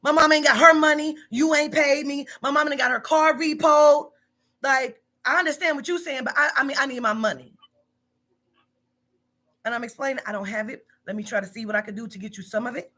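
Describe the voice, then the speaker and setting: A woman's voice: sits high, fairly even intonation, fairly quick, sharp tone. A woman in her forties, a business owner, scolding bluntly and profanely in a heated phone argument. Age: 40s.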